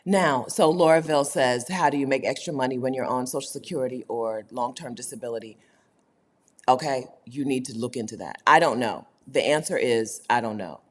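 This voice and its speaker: With an extremely low pitch and a brisk delivery, this woman runs a laid-back livestream for her community. She talks with viewers, reads out their comments, and laughs a lot.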